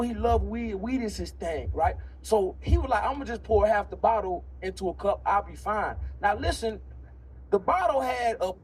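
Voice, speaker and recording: High-voiced laughing comedian man. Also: darkish tone, breathy edge. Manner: loose, laughing, streetwise storytelling. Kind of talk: stand-up set then casual chat.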